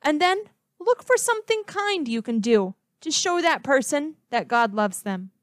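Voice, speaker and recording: Higher-voiced woman giving a children's Bible lesson; gentle questions, dry close sound. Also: very animated, no echo. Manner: asks the listener questions, slow and gentle.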